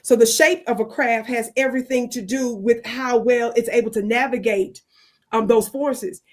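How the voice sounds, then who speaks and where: A woman's voice: on the high side, fairly even intonation, moderate pace, darkish tone. A woman speaking as a spiritual teacher on a panel, earnest and encouraging in a teacherly way. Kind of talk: panel discussion.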